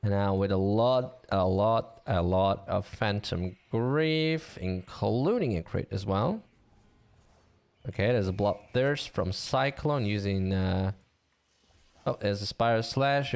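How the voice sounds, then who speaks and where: A man's voice: fairly low pitch, takes it slowly, gravelly. A man casting a live online game match, chatty and joking with his co-caster and the audience. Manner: chatty, joking, easily amused. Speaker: esports caster.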